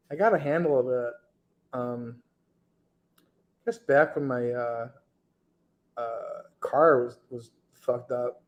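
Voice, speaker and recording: A man casually commenting on stream clips, relaxed and profane, often trailing off with fillers. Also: mid-range voice, dull audio. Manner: laid-back, profane, hesitant fillers.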